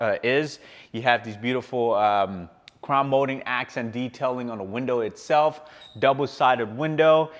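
Male realtor, mid-range voice, eager, walks and talks through a big house. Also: mid-range voice. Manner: enthusiastic, lots of fillers and repeated praise. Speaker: real estate agent giving a house tour. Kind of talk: walking house tour. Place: large furnished home, indoors.

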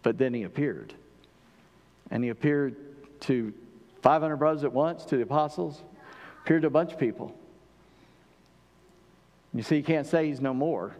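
A man preaching a sermon as pastor, conversational and animated, often acting out quoted lines in other voices. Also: mid-range voice, normal speed, long pauses. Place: church sanctuary. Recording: long church-hall reverb.

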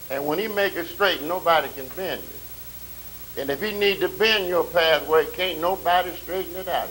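A male pastor preaching a sermon, drawing out scripture readings slowly and swelling loud, with colloquial asides and questions to the congregation. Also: on the high side, poor audio. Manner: colloquial, calls and responses to the congregation. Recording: faint tape hiss.

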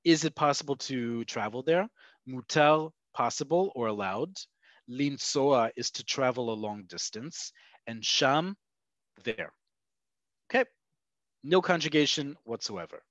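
A man's voice: medium pitch, expressive, a little slow, a bit bright, no echo. A man teaching a language in an online webinar, explaining step by step and often checking in with "okay" and "right?". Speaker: Hebrew teacher. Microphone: video call. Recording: dull, lo-fi webinar audio.

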